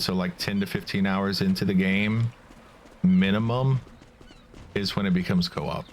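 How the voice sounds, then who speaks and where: Guy streaming a game, low and slow, just chatting and reading the lines out. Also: a little hiss or hum. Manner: relaxed, reads game dialogue aloud. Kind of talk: casual gameplay commentary.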